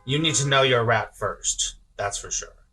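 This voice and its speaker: A man's voice: mid-range voice, normal speed, pushed and bright, slight background noise. A man giving a casual spiritual talk on a live stream, reading viewer comments aloud, often chuckling and repeating himself. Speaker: spiritual teacher.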